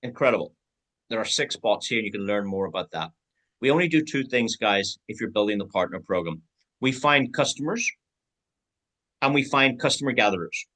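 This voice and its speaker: A man's voice: fairly low pitch, expressive, a little fast, sharp tone, low-quality recording. A man giving a team sales training talk, acting out both sides of example conversations.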